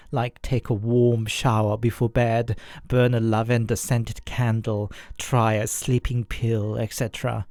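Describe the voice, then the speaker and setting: A narrator telling a first-person horror story in a scripted, expressive way. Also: medium pitch, no room sound.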